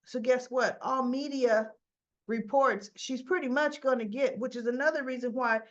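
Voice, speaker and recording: A woman's voice: high voice, steady tone, moderate pace, lo-fi sound. A woman hosting a casual soap opera recap, chatty and opinionated, with many restarts.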